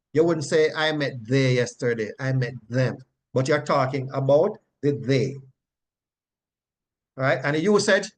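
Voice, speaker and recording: A male Bible teacher explaining grammar in a lesson, often pausing to check in with "right?". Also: fairly high pitch, a bit bright.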